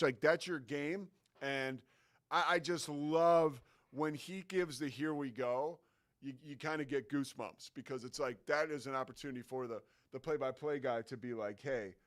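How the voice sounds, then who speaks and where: A man's voice: mid-range voice, dry recording, studio quality. Chatty enthusiastic male sports host. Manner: enthusiastic, conversational, many fillers. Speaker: sports talk show host. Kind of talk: casual sports talk.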